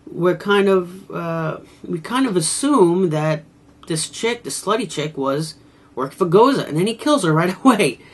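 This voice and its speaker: Man, casual video review, wry and mocking, husky voice, fairly high-pitched. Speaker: movie reviewer.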